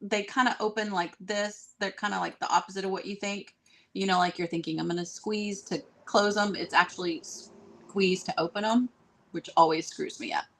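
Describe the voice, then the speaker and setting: A woman hosting a live craft stream, chatty and excitable, talking straight to her viewers. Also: medium pitch, normal speed. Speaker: DIY craft host.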